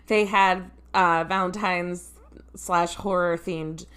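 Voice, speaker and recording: A woman's voice: on the low side, steady tone, takes it slowly, a bit bright, smooth. A woman co-hosting a podcast in casual chat, rambling and laughing often, often trailing off mid-sentence. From Ohio, USA. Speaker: podcast co-host.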